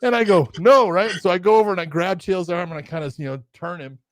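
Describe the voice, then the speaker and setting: A man casually telling a story as a podcast co-host, animated and acting out quotes with laughter. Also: sits high, fast.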